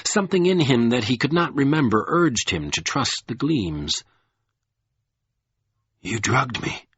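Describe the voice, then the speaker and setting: A man narrating an audiobook in a slow, expressive reading. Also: mid-range voice, husky, no room sound, lo-fi sound.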